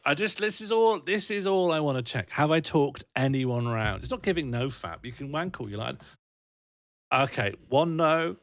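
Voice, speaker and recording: A man's voice: a little high, a bit bright, dry recording, studio quality. A man rambling and joking on a casual livestream, answering his chat and laughing often.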